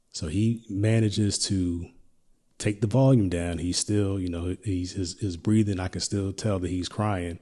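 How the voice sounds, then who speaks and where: A middle-aged man hosting a podcast, telling a personal story in a reflective, halting way with many restarts. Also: deep voice, steady tone, dark tone. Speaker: podcast host.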